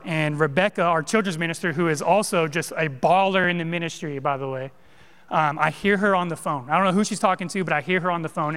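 A man preaches in a lively, conversational way, speaking directly to his listeners. His voice sits high for a man. The sound rings out with a long reverb from a church sanctuary. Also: smooth. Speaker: pastor. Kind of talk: sermon.

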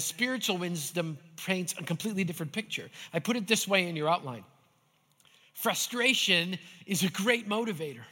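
High-voiced man preaching in an echoey hall. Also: sharp tone. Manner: builds repeated refrains with dry humor. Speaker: pastor. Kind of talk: sermon. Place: nearly empty church hall.

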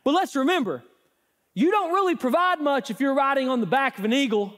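A man preaching from the pulpit with a fairly high voice. His delivery swings between loud, lifted points and low, hushed asides. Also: brisk. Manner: animated, rising and falling emphasis. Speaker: pastor. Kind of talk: sermon.

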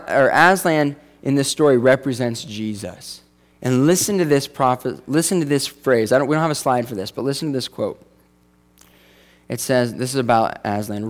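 A man preaching a sermon as pastor, conversational with joking asides. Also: medium pitch.

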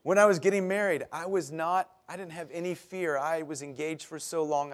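Middle-aged pastor, man, fairly high voice, folksy storytelling sermon that turns lively for the jokes. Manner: chatty storytelling with self-deprecating humor and laughs; animated, rises in pitch and volume at punchlines.

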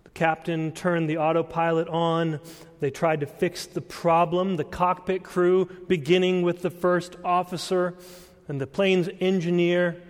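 A man preaching a sermon as pastor, telling a story deliberately and pressing his point with earnest emphasis. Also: sits high, flat delivery. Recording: long church-hall reverb.

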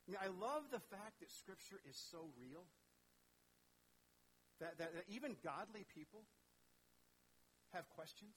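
A man delivers a sermon in a relaxed, conversational style, asking his listeners questions and slipping into voices for the people in his story. His speaking voice sits high for a man. A faint hiss runs under the recording. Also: a little slow, pauses often, rough recording. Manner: conversational, asks the audience questions, acts out voices. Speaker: pastor.

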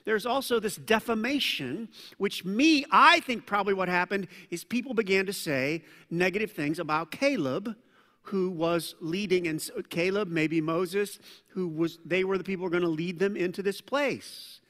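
A male pastor preaching a sermon in a large church, an animated storyteller who acts out the scenes he describes. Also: high voice, moderate pace, long reverb tail.

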